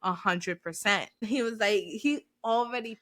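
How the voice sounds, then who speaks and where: A woman's voice: mid-range voice, measured pace, fairly bright tone. A young woman co-hosting a casual podcast, talking bluntly, swearing freely and laughing often. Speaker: podcast co-host. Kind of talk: casual chat.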